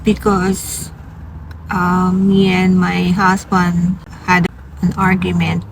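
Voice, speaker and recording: A woman's voice: lowish voice, completely flat delivery, takes it slowly, gravelly, far from the mic, background noise. A woman voicing a sad, lonely female hospital patient who speaks timidly and hesitantly.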